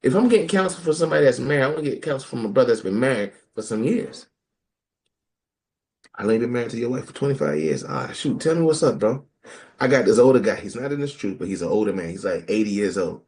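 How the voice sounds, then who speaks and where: A man's voice: mid-range voice, quick pace. A man, talking casually and animatedly about scripture as a podcast co-host, joking and mimicking people. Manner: animated, jokey, mimics people in quoted voices. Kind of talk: casual group talk on scripture.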